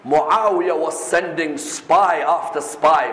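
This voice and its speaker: A man's voice: a little high, expressive, normal speed, few pauses, a bit bright. A man giving a religious lecture, pressing his points with rhetorical questions and emphatic repetition. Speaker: preacher. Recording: echoey hall recording.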